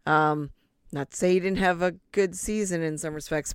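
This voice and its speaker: A woman's voice: fairly low pitch, steady tone, moderate pace, clean tone, dry recording, studio quality. A woman hosting a casual sports podcast, rambling and self-deprecating with lots of fillers. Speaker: podcast host.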